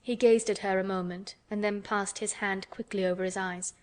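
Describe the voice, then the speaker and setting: Reading scripted audiobook narration, a woman keeps a calm, measured delivery in her mid-range voice.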